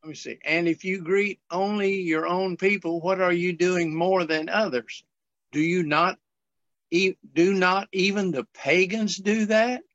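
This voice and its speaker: A man in a study group reading scripture aloud over a remote call, slow and careful with small slips. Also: high-pitched, fairly even intonation, fairly bright tone, no room sound. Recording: dull lo-fi call audio.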